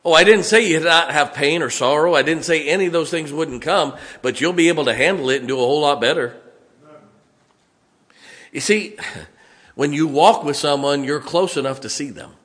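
A man's voice: fairly high pitch, moderate pace, a bit bright. Folksy West Virginian preacher man. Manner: folksy, conversational preaching with asides and chuckles. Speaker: pastor. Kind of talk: sermon.

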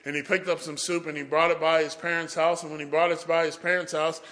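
A man's voice: a little high, fast talker. A man telling a story in a sermon, acting out the voices of the people in it. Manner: animated storyteller, acts out quotes. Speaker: preacher. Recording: echoey hall.

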